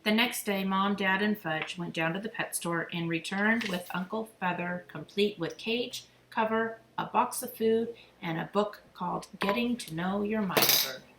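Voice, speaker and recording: A woman reading a children's chapter book aloud in a steady, clear storytelling manner. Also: mid-range voice, moderate pace, few pauses. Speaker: reader. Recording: echoey room, faint noise.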